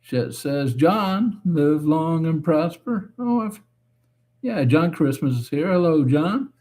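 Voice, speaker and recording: Guy hosting a hobby livestream, reads chat out loud, unhurried, kinda high voice. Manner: reads chat comments aloud and answers them, relaxed and chatty. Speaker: live stream host reading viewer chat. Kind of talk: casual chat.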